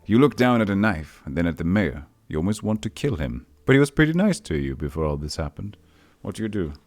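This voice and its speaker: Deep-voiced man playfully reading a text game. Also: sing-song, brisk, darkish tone, no room sound. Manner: playful, theatrical reading with jokey asides. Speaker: streamer playing a text adventure.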